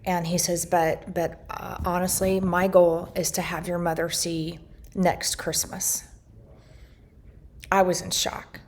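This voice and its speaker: A woman's voice: lowish voice, little pitch movement, slow. A middle-aged woman telling her family's story earnestly, retelling conversations and often restarting her sentences. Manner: earnest, recounts dialogue, frequent restarts. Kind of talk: personal storytelling to camera.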